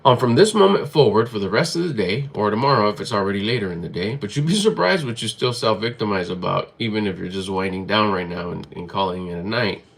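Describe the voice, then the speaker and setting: A man's voice: on the low side, expressive, quick pace, vocal fry, hardly any pauses. A man giving a motivational talk to camera in a blunt, emphatic way, swearing freely and hammering his points through repetition. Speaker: motivational vlogger.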